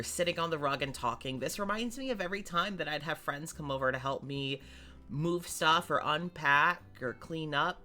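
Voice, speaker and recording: Streamer, woman: low but bright voice, lively delivery, chatty game commentary. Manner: chatty and explanatory, with small laughs. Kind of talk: casual let's-play commentary.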